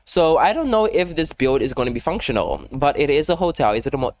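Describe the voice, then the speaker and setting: Fast-rambling chatty young man. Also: on the high side, very animated, a little hiss or hum. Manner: rambling, fast-talking, self-deprecating, many fillers. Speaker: gaming YouTuber. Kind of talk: casual chatty voice-over over a speed build.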